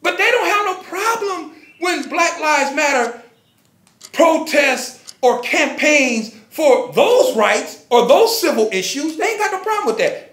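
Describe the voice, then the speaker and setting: Sarcastic, high-voiced man ranting. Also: fairly bright tone. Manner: sarcastic, mocking, profane. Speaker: commentary vlogger. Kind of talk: ranting commentary. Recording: echoey room.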